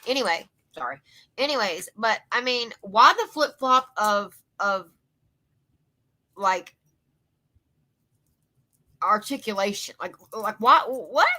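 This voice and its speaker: A woman with a Louisiana Southern accent delivers an emphatic, profane commentary rant. Her voice has a bright, forward edge, and her pitch sits in a middle range for a woman. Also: animated, slow, pauses often. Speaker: commentary YouTuber.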